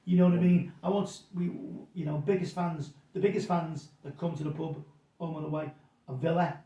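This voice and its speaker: A man's voice: on the high side, steady tone, fairly quick, mellow. A middle-aged man, guest in a casual interview, telling rambling anecdotes and repeating his words. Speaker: pub landlord guest. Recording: roomy sound from a distance.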